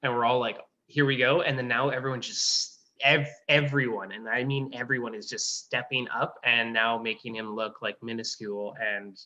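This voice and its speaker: Bright, forceful male co-host on a dull-sounding call line, rambling. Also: mid-range voice, flat delivery, moderate pace, few pauses. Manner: rambling, filler-heavy. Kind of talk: casual sports talk. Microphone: video call.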